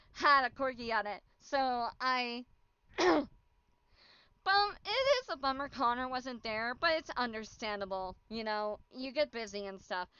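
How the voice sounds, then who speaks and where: Bubbly and giggly, this young streamer recaps events casually and performs the exchanges people had with her. Her voice is on the high side, pushed, bright, and smooth, with no echo, though the dry stream audio sounds dull and lo-fi.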